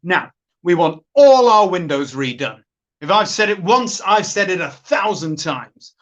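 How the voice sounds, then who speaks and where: A woman playing a smug, sleazy male office boss in a comic monologue, boastful and flirtatious on a phone call. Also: lowish voice. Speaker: sketch performer.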